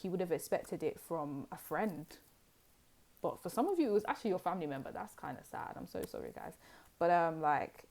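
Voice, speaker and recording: A woman's voice: sits low, a little mellow. A woman giving a casual pick-a-card tarot reading, chatty and rambling, with many fillers and asides.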